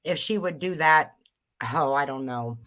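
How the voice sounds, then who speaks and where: A woman's voice: low-pitched, measured pace, fairly bright tone. A woman hosting a casual livestream chat, exclaiming and trailing off. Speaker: livestream host.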